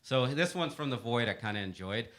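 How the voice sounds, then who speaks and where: Upbeat guy reading help desk tales, bouncy pitch, bright voice, laughs a lot. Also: expressive, a little fast. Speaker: webcast segment host reading help desk stories. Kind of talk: casual storytelling to a panel.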